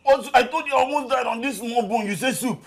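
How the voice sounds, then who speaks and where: A man's voice: very high voice, quick pace, gravelly, dry recording, full character voice. An actor with a Nigerian English accent playing a stammering young man who pleads and complains. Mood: complaining.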